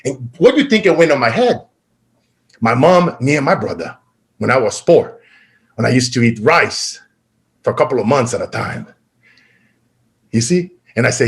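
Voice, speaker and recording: A man giving a motivational keynote talk, energetic and swinging from loud to quiet and emotional. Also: mid-range voice, normal speed, long pauses. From Brazil. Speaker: keynote speaker.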